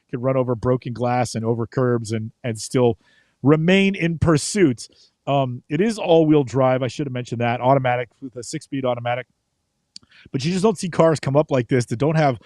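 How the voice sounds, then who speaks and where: A man's voice: fairly high pitch, darkish tone, no echo. A man co-hosting a live car auction stream, presenting cars casually in an easygoing, amused way. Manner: easygoing, amused, chuckles while reading car specs.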